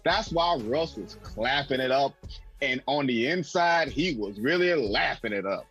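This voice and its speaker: A man co-hosting a casual sports talk show, telling animated stories and acting out what players were thinking. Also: medium pitch, unhurried, husky, no room sound, lo-fi sound, faint music behind. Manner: animated storyteller, acting out quotes.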